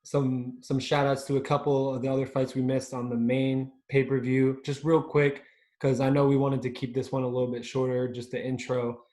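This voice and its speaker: A man's voice: medium pitch, little pitch movement, moderate pace, dark tone. Chatty man in an echoey room. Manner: chatty, leans on tag questions, hesitant with fillers. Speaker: podcast co-host. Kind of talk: casual sports chat.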